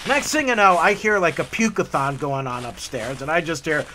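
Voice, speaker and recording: A man in casual, animated storytelling on a hike along a forest trail. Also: a little high, moderate pace, slight background noise. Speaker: hiking vlogger.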